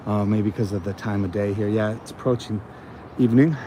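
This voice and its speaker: A fairly low, steady male voice, a little fast, comes through over background noise. The speaker, an American channel host recovering from a cold, rambles through stories with many fillers while vlogging on an evening walk in a botanical garden.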